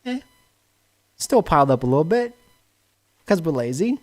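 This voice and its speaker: A man's voice: on the high side, very animated, moderate pace. A young man co-hosting a casual livestream chat, rambling through jokey stories and laughing often. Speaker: co-host.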